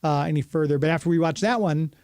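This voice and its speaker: A man's voice: on the high side, quick pace, a little mellow, no room sound. A man hosting a radio show, chatting casually and reading a sponsor spot with plenty of fillers.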